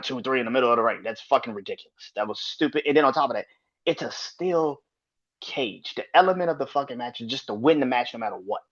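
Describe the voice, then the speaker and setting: Here the host's mid-range voice carries a fairly bright tone as he bluntly rants about wrestling, swearing freely in a casual, opinionated style. It's a podcast with slightly dull lo-fi sound.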